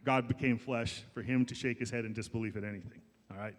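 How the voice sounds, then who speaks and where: A man's voice: medium pitch, steady tone, quick pace, in a large hall. A male pastor preaching a sermon in a church, emphatic and rhetorical, stretching out the words he stresses. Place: church sanctuary.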